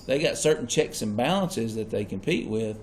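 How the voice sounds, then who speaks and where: A man's voice: mid-range voice, expressive, normal speed, slight background noise. A man teaching a class, often checking whether his students follow. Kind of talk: classroom lecture.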